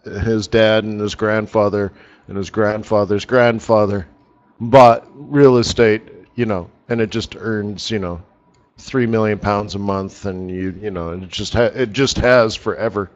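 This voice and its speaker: The audio is lo-fi, and the man's fairly low voice moves a little slowly with fairly even intonation. He hosts a live currency trading session as a forex market strategist, rambling through anecdotes in casual talk and cracking himself up.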